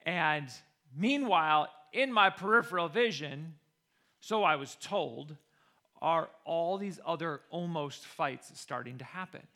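A man who coaches football telling a personal story in a lively way, acting out the people he quotes. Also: fairly high pitch, measured pace. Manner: animated, acts out the people he quotes.

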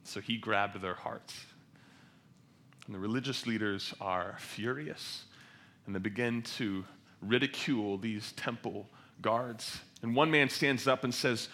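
A man preaching a sermon with passion, rising loud on quoted scripture and falling soft and intimate between. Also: medium pitch, moderate pace. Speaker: pastor.

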